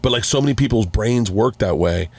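A man telling stories in casual chat as a podcast guest, animated, restarting sentences and swearing freely. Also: lowish voice, brisk.

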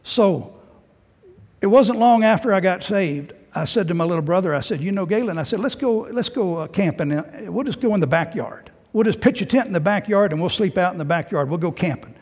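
A middle-aged man preaches a heartfelt testimony, his high, slightly husky voice rising loud and then sinking to a hush. Long reverb from a church hall rings around him. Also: animated, quick pace, few pauses. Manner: emotional personal testimony, swinging from loud to hushed. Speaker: pastor. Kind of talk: sermon. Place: church sanctuary.

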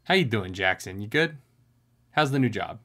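A young man hosting a casual anime reaction video, chatty and energetic, now and then singing along loudly. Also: lowish voice, normal speed. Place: home recording room.

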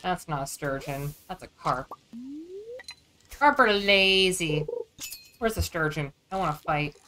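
A woman's voice: low voice, moderate pace, fairly bright tone, soft background music. A woman streamer chatting casually and thinking aloud as she plays a game. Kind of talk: casual gameplay chat.

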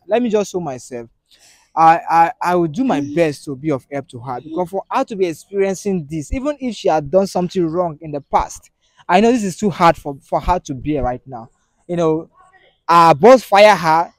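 Male skit host, high and lively voice, repeats himself to soothe and plead. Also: moderate pace, no echo. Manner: animated, repetitive pleading and soothing. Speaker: show host. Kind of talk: comedic skit acting as an advice host.

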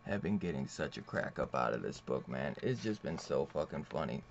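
A man's voice: very deep voice, expressive, normal speed, hardly any pauses, slight background noise. A man reviewing a comic book in a loose, rambling way, swearing freely and laughing often. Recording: dull lo-fi recording.

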